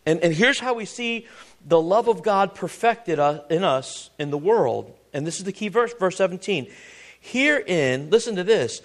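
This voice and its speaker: A male preacher with a high-pitched voice that swings widely in pitch. He reads the verses slowly and deliberately, then rises to loud, emphatic exhortation. He keeps a conversational tone, with rhetorical questions. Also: animated. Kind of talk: sermon.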